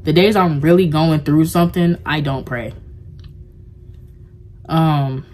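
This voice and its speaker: Young woman vlogger with a low, deep voice, chatty and confessional, rambling with lots of "like". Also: slow pace, pauses often, darkish tone, slight background noise. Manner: rambling and heartfelt, heavy use of "like". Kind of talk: casual confessional vlog talk.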